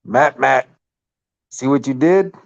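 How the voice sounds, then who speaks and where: A man's voice: medium pitch, slow pace, creaky, no room sound. A man hosting a casual podcast, laid-back, reading viewer comments aloud and laughing often. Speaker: podcast host. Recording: dry, slightly dull lo-fi sound.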